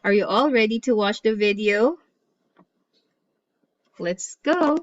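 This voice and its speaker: A woman teaching a lesson at an unhurried pace. She stresses each term she lists. Her voice comes through slightly muffled, lo-fi audio. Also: mid-range voice, expressive. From Philippines. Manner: slow, deliberate, stresses each listed term. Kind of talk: recorded classroom lecture.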